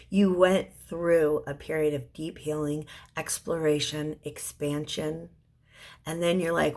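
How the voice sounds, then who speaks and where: A young woman giving a gentle, soothing tarot reading, often restarting her sentences and sometimes dropping to a whisper. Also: sits low. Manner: halting restarts and repeated words. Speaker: tarot reader. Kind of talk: intuitive tarot reading to a viewer.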